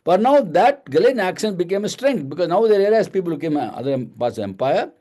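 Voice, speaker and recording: A man's voice: sits high, very animated, quick pace, few pauses, warm tone. A man leading a Bible study, explaining verses one at a time, repeating phrases and asking and answering his own questions.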